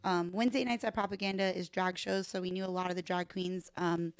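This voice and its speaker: Thirties woman, bartender guest, loud and salty storyteller, dry room tone. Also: lowish voice, brisk, creaky, dry recording. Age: 30s. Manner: animated, profane, laughs often, acts out voices in anecdotes. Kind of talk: casual podcast storytelling. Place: podcast live stream room.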